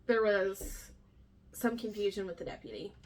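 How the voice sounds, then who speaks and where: A young woman recaps a novel's events in a steady, even-keeled way during a relaxed conversation. Her voice sits in a middle range. She quietly sets the facts straight when her co-host slips. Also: medium pitch, normal speed. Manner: calm, steers back to the plot and corrects details. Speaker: book club co-host. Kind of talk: casual book discussion.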